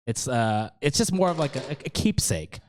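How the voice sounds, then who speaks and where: A man's voice: mid-range voice, moderate pace, a little hiss or hum. A man co-hosting a podcast, telling stories in easy casual chat, in an American accent. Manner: laughs easily, relaxed storytelling. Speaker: podcast co-host.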